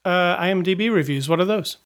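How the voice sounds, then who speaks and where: A man's voice: sits high, a little fast, a bit bright. A man co-hosting a podcast, chatting casually and thinking aloud about a movie. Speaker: podcast co-host. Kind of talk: casual film review chat.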